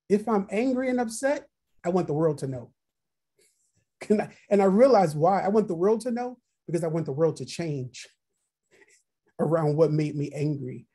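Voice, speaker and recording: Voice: mid-range voice, dark tone, slightly rough. A workshop trainer leading an online training session, posing reflective questions, repeating them, and reading out participants' chat replies over a video call. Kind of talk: online training webinar facilitation.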